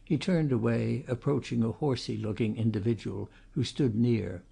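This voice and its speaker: A man narrating a classic novel as an audiobook, in steady, measured storytelling. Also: mid-range voice, creaky, breathy edge. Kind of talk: scripted narration.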